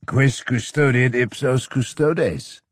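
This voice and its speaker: A man's voice: medium pitch, slow pace, no room sound, clean studio sound, voice pushed up. A man reading a story aloud and voicing a drunken, crude Roman general who slurs and bellows. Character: drunken boorish male Roman general, leering.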